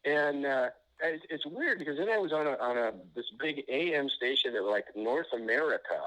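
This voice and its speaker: A man's voice: medium pitch, expressive, normal speed, fairly bright tone, poor audio. A man being interviewed as an author, telling anecdotes in a rambling way, often restarting sentences and filling gaps with "you know.".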